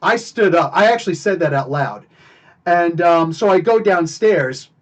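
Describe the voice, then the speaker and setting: A married man hosting a live podcast, telling a confrontation story in an animated, emphatic way. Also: high voice, normal speed. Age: adult, married. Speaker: podcast host. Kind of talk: casual storytelling on a live stream.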